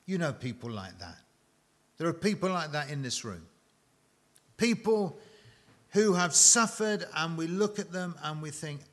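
A man preaching a sermon to a congregation, emphatic and dramatic, with long pauses and repeated phrases. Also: sits high, expressive, fairly bright tone.

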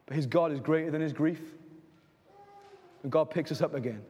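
A man's voice: on the high side, moderate pace, a little mellow. A man, preaching a sermon in a frank, conversational way with jokes and asides. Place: church hall. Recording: reverberant church hall.

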